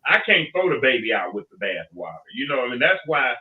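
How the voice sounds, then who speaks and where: A man hosting a casual panel talk, telling stories in an animated, plain-spoken way. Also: medium pitch, fast talker. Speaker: talk show host. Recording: tinny phone line, distant from mic.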